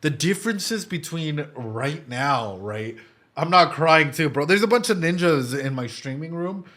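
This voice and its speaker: A young man with a somewhat high, very bright, sharp voice talks fast and loose into a streaming mic. He reacts with emotional energy, explains ideas like a psychologist, and swears often. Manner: animated, swearing, emotional, laughs and nearly cries. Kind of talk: casual reaction commentary. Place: home streaming room.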